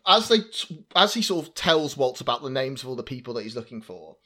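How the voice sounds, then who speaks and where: A man's voice: medium pitch, sing-song, brisk, bright, forceful tone. A man hosting a casual film discussion, chatty and jokey, with many fillers and restarts. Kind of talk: casual chat.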